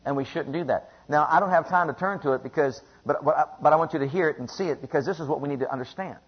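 A man's voice: a little high, fast talker, slightly rough. A man preaching a sermon in an emphatic, repetitive way, often asking the congregation questions, on a dull lo-fi recording.

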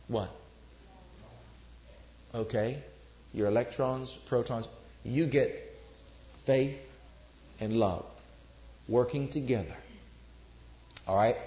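A man preaching a sermon, emphatic, repeating phrases and asking his listeners questions. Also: medium pitch. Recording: roomy, dull lo-fi sermon recording.

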